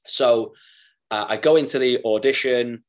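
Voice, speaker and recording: Northern English male actor, guest on a podcast, lively storyteller who swears freely. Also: mid-range voice, a little slow. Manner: animated, swears, acts out quoted voices. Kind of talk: casual storytelling chat.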